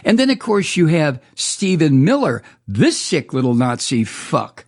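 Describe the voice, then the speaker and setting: Raspy, gravelly man ranting indignantly. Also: a little high, big pitch swings, unhurried. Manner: indignant, profane ranting with repeated stumbles. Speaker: talk radio host. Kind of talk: political commentary monologue.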